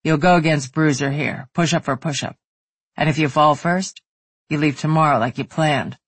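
A narrator doing a curt, stern shifter crew boss. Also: male voice, on the high side, normal speed, fairly bright tone, breathy edge, dry recording. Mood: commanding. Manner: curt, clipped orders.

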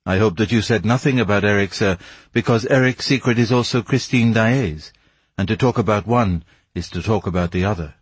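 Man voicing a grave mysterious male stranger, husky, dry, calm measured warnings. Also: lowish voice, no room sound.

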